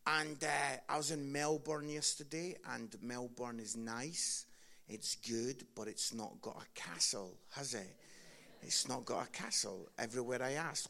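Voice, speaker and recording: A man's voice: medium pitch, unhurried, vocal fry. A man with an Edinburgh Scottish accent, a guest preacher giving a comedic sermon and teasing the crowd. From Scotland. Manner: jokey, animated, teasing the crowd.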